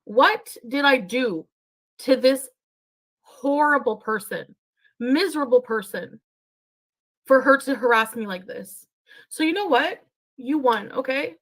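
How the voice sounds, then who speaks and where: A woman's voice: high-pitched, animated, slow, long pauses, a bit bright, low-quality recording. A woman in a played vlog clip, talking in an aggrieved, defensive way with heavy sighs.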